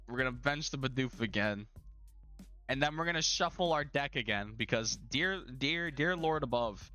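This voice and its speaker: A young man narrates his own card game in a loose, slangy running commentary, dramatic and exasperated. His voice is bright and forceful at an ordinary pitch. Faint music plays underneath. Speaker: gaming channel host.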